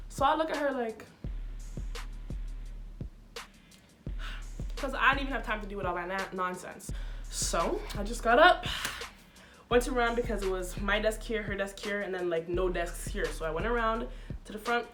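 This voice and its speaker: A young woman vlogger telling a school story in a casual, animated way, laughing often and using slang. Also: mid-range voice, normal speed, pauses often, music in the background.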